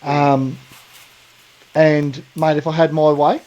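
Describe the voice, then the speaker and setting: A man's voice: fairly high pitch, little pitch movement, slow pace, a little mellow, highs cut off. A man in his forties with an Australian accent, co-hosting a podcast in blunt, sweary casual chat, calling people mate and brother. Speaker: podcast co-host.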